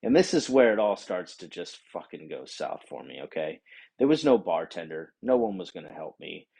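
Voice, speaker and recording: A man telling a profane, animated rant about a bad day out, acting out the other people in the story. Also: low voice, moderate pace, vocal fry, slightly rough, poor audio. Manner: animated, swears a lot, acts out voices of others. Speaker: vlogger.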